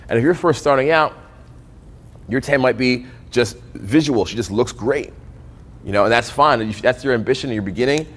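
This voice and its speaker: A man's voice: medium pitch, in a large hall. A young man coaching on dating in a casual, profane storytelling style, acting out both sides of conversations.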